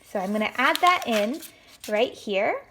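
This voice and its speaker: A woman's voice: a little high, expressive, unhurried, bright, forceful tone, slight background noise. A woman teacher giving a recorded writing lesson to children, explaining step by step in an encouraging way.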